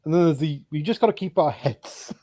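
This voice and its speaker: Male co-host, brief agreeing replies, hesitant fillers, pitch a little high. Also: expressive, brisk, warm tone. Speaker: podcast co-host. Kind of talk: casual TV discussion.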